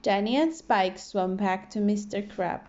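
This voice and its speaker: A woman primary school teacher reading a children's storybook aloud, expressive with playful sound effects, on a dull lo-fi recording. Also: mid-range voice, a little slow.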